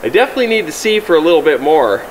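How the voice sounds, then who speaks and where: A man's voice: a little high, sing-song, racing, slight background noise, rough recording. Chatty man, a little out of breath. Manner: rambling, self-correcting, chatty. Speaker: outdoor vlogger. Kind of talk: casual talk to camera. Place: outdoors in winter woods.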